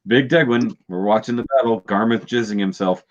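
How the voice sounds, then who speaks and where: A man's voice: fairly low pitch, moderate pace. Joking male host, lo-fi sound. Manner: retells scenes with mocking put-on character voices. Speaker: show host. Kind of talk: casual review discussion. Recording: dull lo-fi sound.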